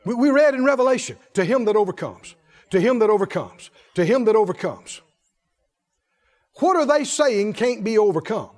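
A man preaching a sermon, asking the congregation question after question in a folksy, animated way. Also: high-pitched, moderate pace. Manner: folksy, laughs between points. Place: church. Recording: echoey hall reverb.

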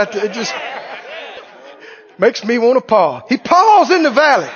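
A man's voice: extremely high pitch, dull audio. A man preaching a fiery, colloquial sermon with mocking asides to the congregation.

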